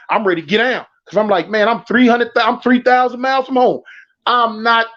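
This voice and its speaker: A man's voice: sits high, moderate pace. A man with a Californian accent, casually telling funny stories and acting out the voices of the people in them. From Southern California. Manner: animated, laughing, acts out quoted voices. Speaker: storyteller guest. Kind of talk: casual storytelling. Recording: dull lo-fi stream audio.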